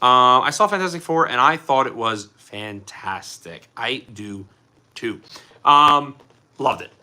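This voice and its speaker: A Philadelphia man with a Philly accent hosts a casual livestream, rambling loosely and reading out comments. His voice sits at medium pitch with lively intonation, a slow pace, and a sharp tone.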